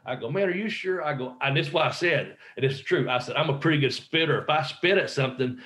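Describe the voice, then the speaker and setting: A man's voice: medium pitch, fast, a bit bright, slight background noise. A man, a professional wrestler, telling a long anecdote in casual conversation, rambling and acting out the voices of the people he quotes. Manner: frequent fillers and restarts.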